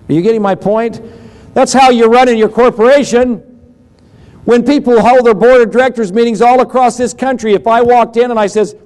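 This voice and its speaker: Middle-aged male seminar lecturer, high-pitched, folksy, talks to the class and plays out quick dialogues. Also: darkish tone. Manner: folksy, acts out little dialogues. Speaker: seminar speaker on taxes.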